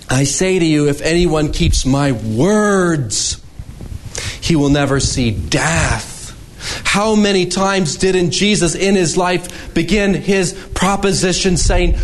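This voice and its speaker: A man preaching a sermon as pastor, slow and emphatic, his voice climbing high when he quotes scripture. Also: rough recording.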